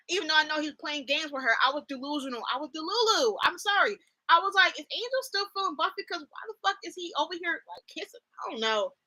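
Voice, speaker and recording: Bright, high-voiced streamer woman. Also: rough recording. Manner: expressive, slangy, swears freely, reads chat aloud. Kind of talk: casual live-stream chat.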